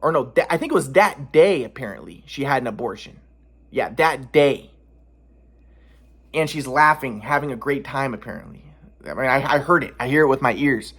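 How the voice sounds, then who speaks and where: A man's voice: mid-range voice, lively intonation, moderate pace, a bit bright, slightly rough. A man telling a personal story casually, rambling with many restarts and defensive repetitions. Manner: agitated, defensive. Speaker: vlogger.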